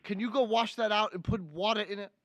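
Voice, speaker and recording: A man's voice: high voice, a little fast, dry recording, close to an everyday voice. A young man putting on an indignant older male senator with a Brooklyn accent, lecturing and repeating his outrage in a comic political impression. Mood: fussy. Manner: ranting, finger-wagging, repeats outrage lines. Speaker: student livestream presenter.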